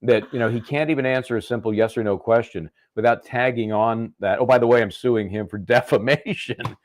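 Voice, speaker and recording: A man lawyer co-hosting a legal commentary show, measured and wry with dry humor. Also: medium pitch, fairly even intonation, dry recording. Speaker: lawyer and co-host. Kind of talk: casual legal commentary chat.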